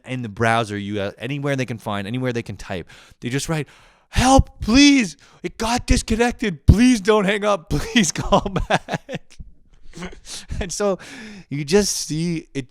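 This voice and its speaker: Young man, casual solo storytelling, swearing and laughing, lively deep voice, dry close sound. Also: smooth, dry recording. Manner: swearing, laughing often, high squealing impressions. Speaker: podcast host.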